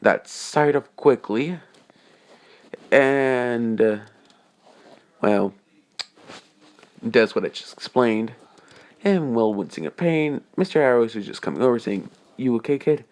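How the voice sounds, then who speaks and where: A man's voice: medium pitch, animated, takes it slowly, long pauses. A man narrating a fan story off the cuff, rambling with many hesitant restarts. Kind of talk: improvised fan story reading.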